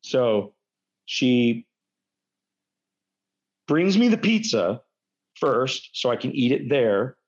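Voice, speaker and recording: Animated, swearing storyteller man. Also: very slow, long pauses, muffled recording. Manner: animated, profane, big pitch jumps. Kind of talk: casual comic storytelling.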